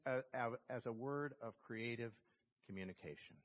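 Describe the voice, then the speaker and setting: A male pastor giving a sermon, telling a story with slow, emphatic phrasing. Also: mid-range voice, sing-song, husky. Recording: long reverb in a church hall, dull lo-fi sound.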